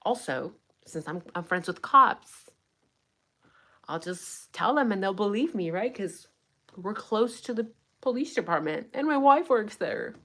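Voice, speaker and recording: A woman's voice: medium pitch, expressive, measured pace, a bit bright. A young adult woman giving blunt, sarcastic true crime commentary in a casual livestream, swearing freely.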